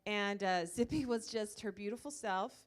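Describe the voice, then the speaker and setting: At a moderate pace and medium pitch, a woman who leads a church ministry tells a story while presenting a comfort dog. She's informal and chatty, using many fillers, addressing a live audience in a church meeting room.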